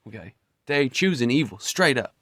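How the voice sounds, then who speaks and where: A man's voice: mid-range voice, big pitch swings, normal speed, a bit bright, no room sound, studio quality. A man giving a blunt, profane, heated monologue as a vlogger. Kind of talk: ranting monologue.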